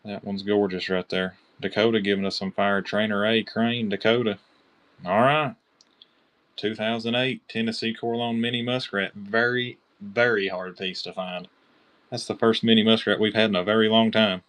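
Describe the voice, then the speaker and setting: Kentucky man, low-pitched, excitable live auction seller who keeps naming his bidders. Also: normal speed. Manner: chatty, excited, calls out bidders by name. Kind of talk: live-stream auction selling.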